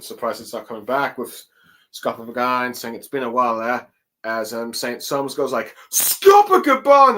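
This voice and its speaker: A young man casually recapping a comic chapter on his own, halting often with ums and let's sees. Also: medium pitch, sharp tone, rough recording. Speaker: chapter reviewer. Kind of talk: casual solo commentary.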